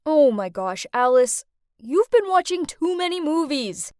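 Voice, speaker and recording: A woman voicing a gentle but creepy young man who speaks in a soft, coaxing, falsely caring way in an animated story. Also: high voice, a little slow, dry recording, clean studio sound. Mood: soothing.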